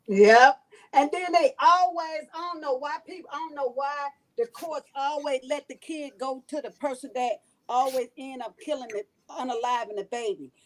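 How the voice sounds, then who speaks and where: High-pitched woman telling a story. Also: moderate pace, poor audio. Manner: animated storytelling, emphatic repetitions. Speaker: host. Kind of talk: casual chat.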